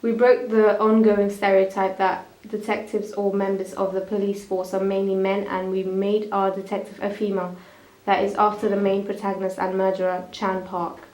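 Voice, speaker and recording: A woman's voice: medium pitch, level tone, normal speed, a little mellow. Girl reading her school evaluation, trips over words, echoey room. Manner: stumbling, restarting lines. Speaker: student presenter.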